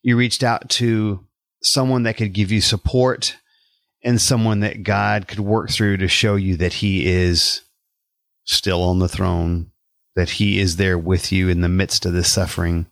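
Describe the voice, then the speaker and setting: Deep-voiced reflective male host. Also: little pitch movement, measured pace, vocal fry, fairly bright tone, dry recording, clean studio sound. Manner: reflective, affirming. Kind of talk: faith-based conversation.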